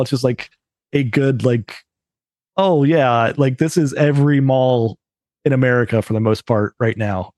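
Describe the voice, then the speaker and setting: A man's voice: mid-range voice, darkish tone, no room sound. A man co-hosting a podcast, chatting casually and rambling with many fillers. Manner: rambling, heavy use of "like" and "uh". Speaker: podcast co-host. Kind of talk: casual chat.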